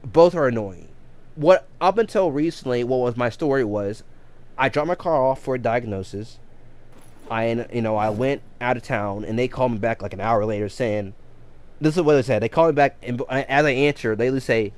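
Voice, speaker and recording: A man's voice: medium pitch, expressive, moderate pace. A man casually telling a long story on a game livestream, rambling with many restarts and self-corrections. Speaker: game streamer.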